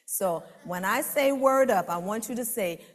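A woman giving a church testimony and prayer, fervent, with loud, slow emphatic lines. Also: a little high, lively intonation. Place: church sanctuary. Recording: long reverb of a large hall.

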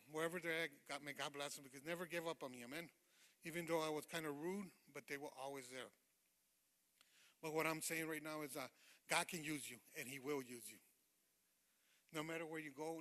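Lay preacher, male, high bright voice, fervent and informal testimony, amen-calling, church hall reverb. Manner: fervent, calls out amen to the congregation; informal, rambling, with many fillers. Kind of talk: sermon testimony. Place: church sanctuary.

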